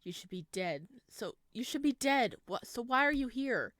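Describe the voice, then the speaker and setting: A woman's voice: mid-range voice, expressive, slow, darkish tone, no room sound, clean studio sound. A woman voicing a troubled young man who pleads in a shaken, anxious way, reading a visual novel aloud. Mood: tormented.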